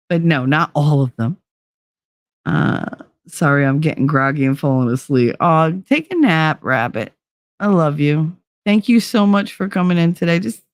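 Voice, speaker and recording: A woman's voice: low voice, no echo, studio quality. Chatty woman hosting a livestream. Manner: rambling, chatty, talks to viewers by name. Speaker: livestream host. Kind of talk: casual livestream chat.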